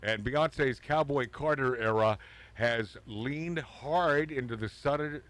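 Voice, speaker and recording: A man's voice: medium pitch, slow pace, fairly bright tone, no room sound. Male talk radio host, joking banter, breaks into laughs while reading news items. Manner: jokey, laughs often, reads news items aloud.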